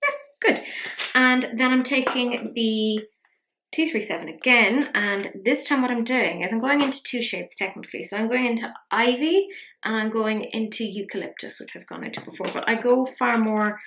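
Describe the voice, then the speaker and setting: A young woman with an Irish accent rambles cheerfully through a makeup tutorial, dropping self-mocking asides as she works. Her voice sits a little high. The room around her is echoey. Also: moderate pace, a bit bright. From Ireland. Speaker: beauty vlogger. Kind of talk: casual makeup tutorial chat.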